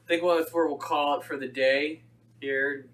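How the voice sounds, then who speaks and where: A man's voice: fairly high pitch, fairly even intonation, normal speed, a bit bright. A man hosting a casual podcast, trading crude, jokey banter with friends. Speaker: podcast host. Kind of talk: casual chat.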